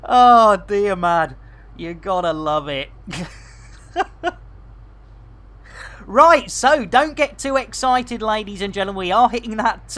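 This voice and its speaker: Lively, chatty woman streaming a game. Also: mid-range voice. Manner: chatty, jokey, quick to laugh, lots of British slang. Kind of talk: casual live-stream chat while playing.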